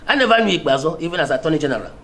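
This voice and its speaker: A man's voice: fairly high pitch, lively intonation, very fast, pushed and bright, a little hiss or hum. A middle-aged man with a Nigerian accent giving an emphatic, insistent political speech to camera, often restarting and repeating words. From Abia State, Nigeria. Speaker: senior lawyer and political speaker.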